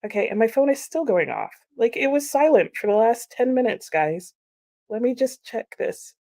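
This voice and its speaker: A woman's voice: on the high side, very animated, normal speed, vocal fry, mellow. A woman hosting a book livestream, chatting casually and laughing often as she reads out viewer comments. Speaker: booktube host reading chat comments.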